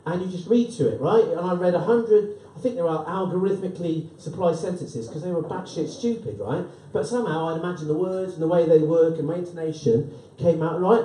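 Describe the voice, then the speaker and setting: A man's voice: high-pitched, dark tone, distant mic. A man in his fifties hosting and speaking at a live event, chatty and joking, tagging "right?" onto his lines. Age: 50s. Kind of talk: humorous live talk to an audience. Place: event room with an audience. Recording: roomy, voice from off the mic.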